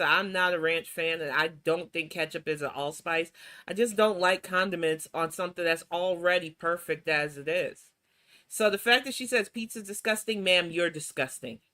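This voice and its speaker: A woman's voice: on the low side, pushed and bright. A woman from New York hosting a reaction show, giving blunt, mocking commentary on video clips. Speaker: commentary host.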